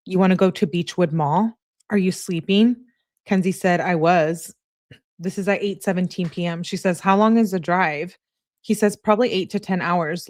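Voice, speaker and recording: A woman with a lowish voice reads a thread of text messages aloud in a relaxed, conversational way. She stops now and then to correct herself or add a quick aside. The recording is close and dry, with no room sound. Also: no echo. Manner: plain conversational reading with asides and self-corrections. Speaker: channel host reading text messages.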